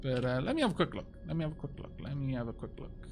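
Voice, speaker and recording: A Welsh man chatting quickly and casually with his viewers while he plays a game, poking fun at himself as he goes. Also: mid-range voice, very animated, creaky, a little mellow, a little hiss or hum. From Wales. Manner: fast-talking, chatty, self-mocking. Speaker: game streamer. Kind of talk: casual live-stream chat over gameplay.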